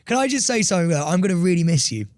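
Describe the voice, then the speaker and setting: Excitable guy, keeps laughing, voice a bit high, dry mic. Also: rapid-fire, dry recording. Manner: excitable, giggly, jumps high in pitch. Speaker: podcast co-host. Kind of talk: casual banter.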